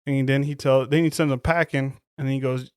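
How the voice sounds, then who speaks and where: Profane, animated man telling stories. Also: mid-range voice, normal speed, smooth, no room sound, studio quality. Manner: profane, animated storytelling, acts out quotes. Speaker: podcast co-host. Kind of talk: casual chat.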